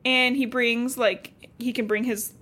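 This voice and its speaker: Woman from cincinnati, fairly high voice, chatty swearing book recap on a podcast. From Cincinnati, USA. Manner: lively and profane, recapping with quick quoted asides. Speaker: podcast co-host. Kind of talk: casual book recap chat.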